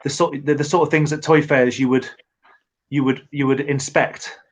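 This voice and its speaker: A man in casual chat, teasing his friends and stumbling over repeated words. His voice sits at an ordinary middle pitch. The delivery is loose and jokey. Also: flat delivery, moderate pace. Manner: joking, stammering repeats. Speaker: toy stream co-host.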